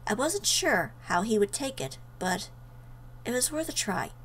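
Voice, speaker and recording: A woman's voice: fairly high pitch, very animated, unhurried, a little hiss or hum, low-quality recording. A woman reading a visual novel aloud in an earnest way, breaking off for emotional asides. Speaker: let's player.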